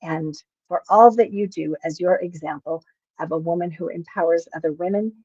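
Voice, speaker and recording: A woman's voice: fairly low pitch, fairly even intonation, normal speed, dark tone, husky, no room sound. A woman hosts a podcast interview and speaks in an earnest way as she praises her guest. She comes through a video call with dull, lo-fi sound and a dry, close feel. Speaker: podcast host. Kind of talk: interview hosting.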